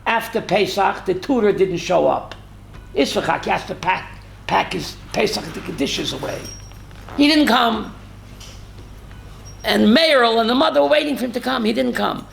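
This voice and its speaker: A man's voice: high-pitched, moderate pace, creaky, fairly bright tone, a little hiss or hum. A man, a rabbi, teaching a Torah class who quizzes his listeners by name and tells stories with feeling. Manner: emotional storytelling, mixes in Yiddish and Hebrew words.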